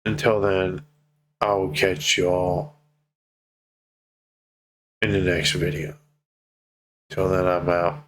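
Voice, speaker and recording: Emotional young man, low voice. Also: flat delivery, takes it slowly, pauses often, fairly bright tone, slight background noise. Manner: emotional, heartfelt, casual and profane. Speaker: vlogger. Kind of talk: personal vlog update.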